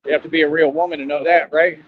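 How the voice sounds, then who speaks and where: A young man with an American country accent, a live streamer, rants brashly and preachily to his viewers in a fast, level, slightly high voice. The stream audio is dull and lo-fi with faint noise.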